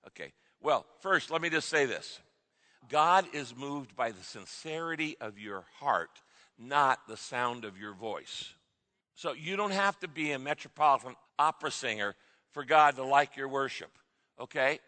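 A middle-aged male pastor delivering an emphatic sermon, with sudden shouted exclamations, in a large church hall. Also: medium pitch, very animated, measured pace. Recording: reverberant hall sound.

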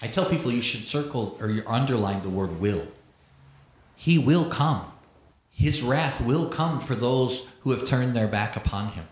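Male pastor mid-sermon, heavy room echo, slow scripture reading with chatty asides. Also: mid-range voice. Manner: reads scripture slowly, then explains with conversational asides. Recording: echoey room.

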